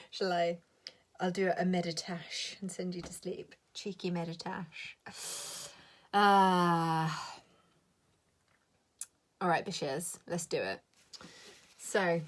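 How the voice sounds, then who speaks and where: A woman in her thirties ranting blunt and sweary on a live stream as a coach, laughing often. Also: fairly low pitch. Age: 30s.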